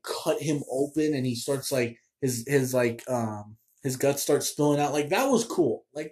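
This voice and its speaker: A man's voice: on the high side, darkish tone. A man hosting a casual movie review show, ranting in a chatty, exasperated way with lots of fillers.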